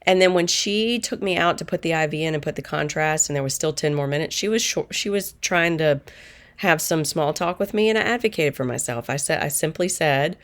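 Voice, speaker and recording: A middle-aged woman who works as a manifestation coach, telling a personal story in a calm, earnest and reflective way. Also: sits low, fairly quick.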